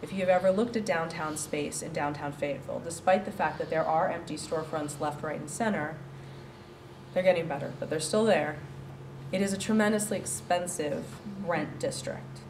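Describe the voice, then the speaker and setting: A woman giving a lively, joking presentation to an audience about a shared workspace. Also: low-pitched, normal speed. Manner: chatty, joking, animated, laughs often. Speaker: coworking space director pitching to an audience. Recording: roomy and distant with faint noise.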